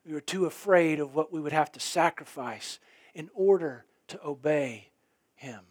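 A middle-aged man preaching a sermon, animated, rising to loud emphasis and dropping to quiet, intense lines. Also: fairly high pitch, unhurried, breathy edge. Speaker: pastor.

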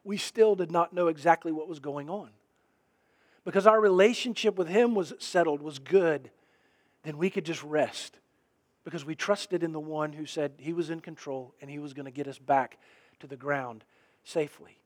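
A middle-aged man preaching a sermon, telling a story earnestly and swinging from emphatic lines to hushed ones. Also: a little high, moderate pace. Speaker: pastor.

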